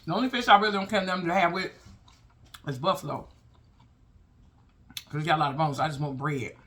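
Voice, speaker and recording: A man with a fairly high voice talks casually to his viewers between bites. He chats and tells stories while he eats. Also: fast, a bit bright. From Chicago. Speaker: mukbang vlogger. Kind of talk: casual mukbang chat.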